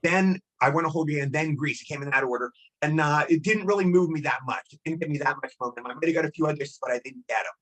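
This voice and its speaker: A man being interviewed as a guest actor, telling stories in a fast, excitable way and acting out the quotes. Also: on the high side, poor audio. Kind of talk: animated storytelling.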